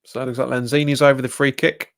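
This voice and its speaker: A young Englishman with a Cockney-tinged accent streams a football match live, talking over the action and reading out viewer comments. His voice sits at an ordinary middle pitch, and it jumps sharply upward whenever a refereeing call annoys him. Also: flat delivery, fast talker, gravelly, fairly bright tone. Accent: Cockney-tinged London English. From England. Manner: exasperated, jumps up in pitch at bad calls, chats with viewers. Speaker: football fan livestreamer.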